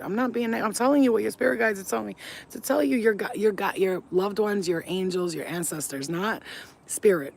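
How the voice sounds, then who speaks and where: Blunt, deep-voiced woman vlogging. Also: a little fast, creaky, a little mellow. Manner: blunt, profane, emphatic. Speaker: spiritual reader. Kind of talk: casual to-camera vlog rant. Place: at home, smoking on camera.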